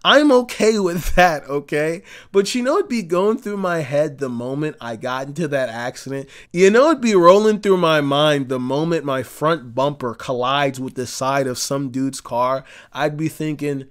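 A comedian ranting in an exasperated, profane, emphatic way. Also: male voice, fairly high pitch, animated, moderate pace, hardly any pauses, clean tone. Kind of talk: comedic rant.

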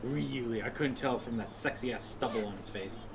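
A mid-pitched voice chats casually alongside a game being played. The humor is crude and teasing, full of offhand stories and jabs. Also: normal speed, background noise. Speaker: co-commentator friend. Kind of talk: casual gaming chat.

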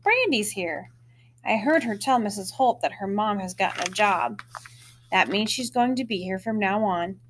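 A woman reading a children's chapter book aloud, with expressive storytelling and lively lifts in her voice. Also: mid-range voice, normal speed, a little hiss or hum.

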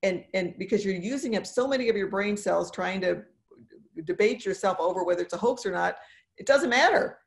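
Gravelly-voiced lady in her 60s, dentist on a podcast, earnest and encouraging, keeps repeating herself for emphasis. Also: mid-range voice, a little fast. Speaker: dentist and speaker. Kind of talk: podcast interview.

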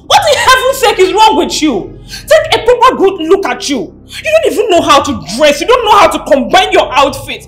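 Fed-up girlfriend, high lively scolding voice, echoey room. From Nigeria. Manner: scolding, scornful.

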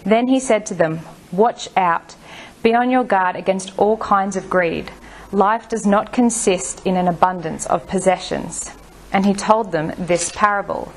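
A woman reading a scripture passage aloud in church, measured and careful. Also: on the low side, poor audio. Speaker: scripture reader.

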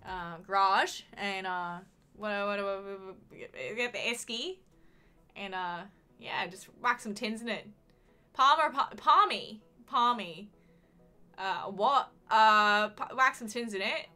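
A woman putting on a crude, swaggering broad Australian bloke with rough slang. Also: mid-range voice, slow pace, pushed and bright, faint music behind. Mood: blokey.

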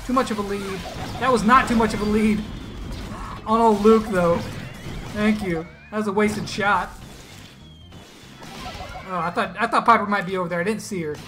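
A man talks over his own gameplay in a bright, forceful voice. He jumps between calm play-by-play and loud, laughing trash talk whenever he lands a hit. Faint game music plays underneath. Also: sits high, normal speed, long pauses. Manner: excited, laughing, trash-talking opponents. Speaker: gaming YouTuber. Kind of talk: gameplay commentary.

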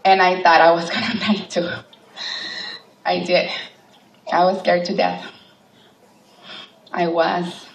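A woman's voice: fairly low pitch, flat delivery, slow, gravelly, long pauses. A woman telling a personal story to an audience at a charity event, emotional and acting out the voices of others. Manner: emotional, acts out quoted voices. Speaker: cancer survivor speaking at a charity event. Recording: echoey hall from far off, faint noise.

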